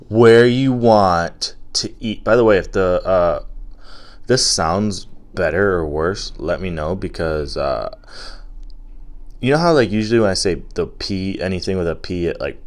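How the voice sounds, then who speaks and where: Joking man ranting into a home mic. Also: deep voice. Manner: animated, joking, acts out quoted voices. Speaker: solo podcast host. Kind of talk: casual comedic rant. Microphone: home microphone wrapped in cotton.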